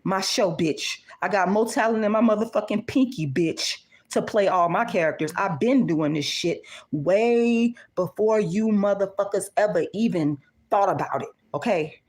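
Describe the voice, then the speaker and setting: A woman's voice: medium pitch, moderate pace, darkish tone. Middle-aged woman, livestream host; blunt, profane, repetitive, mid-range voice.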